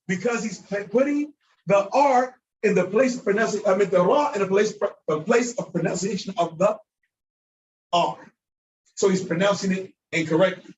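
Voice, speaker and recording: A man teaching a class, high in pitch and animated, acting out mistakes and drilling words aloud. He sounds set back from the microphone in a roomy, echoing space, with faint room ambience behind him. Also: a little hiss or hum. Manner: animated, acts out mispronunciations, repeats words for drilling. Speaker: Arabic teacher. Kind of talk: classroom lecture. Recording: echoey room, voice from far off.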